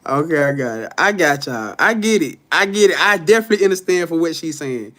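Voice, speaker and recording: A man talks casually to his live-stream audience, answering their comments one by one. His voice sits high and sounds bright and forceful. He is loose and profane, and he often laughs as he reacts. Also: animated, brisk. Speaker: livestream host reading viewer comments.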